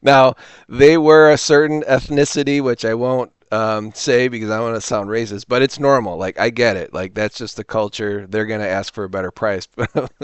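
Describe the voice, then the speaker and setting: A man hosting a reseller channel, chatting casually and telling a rambling, animated story with quoted voices. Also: fairly low pitch, smooth, no room sound. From Illinois, US. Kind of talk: casual talking-to-camera vlog.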